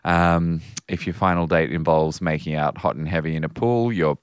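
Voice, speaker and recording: A woman's voice: rumbling low, fairly even intonation, normal speed, smooth, dry recording, clean studio sound. A woman co-hosting a podcast, chatting casually with a wry, teasing humor. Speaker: podcast co-host. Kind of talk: casual chat.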